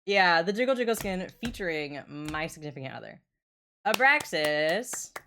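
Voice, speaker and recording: A woman's voice: low-pitched, expressive, brisk, background noise. A young woman streamer chatting casually with her viewers, joking and swearing. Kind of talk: casual livestream chat.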